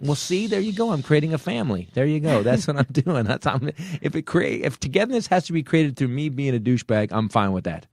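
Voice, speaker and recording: A man hosts a comedy podcast and rants with angry, profane energy. His pitch jumps around animatedly as he builds his points. The sound is close and dry on a studio mic. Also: quick pace, creaky, few pauses, dry recording. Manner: angry, swearing rants with lively swings of pitch. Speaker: podcast host. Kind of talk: ranting comedy podcast talk.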